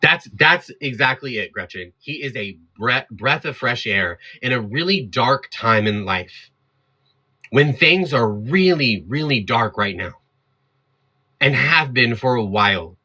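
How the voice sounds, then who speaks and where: A man's voice: medium pitch, expressive, a little slow, sharp tone, breathy edge. A man hosting his own livestream, talking straight at his chat in a heated, defiant rant. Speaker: livestream host.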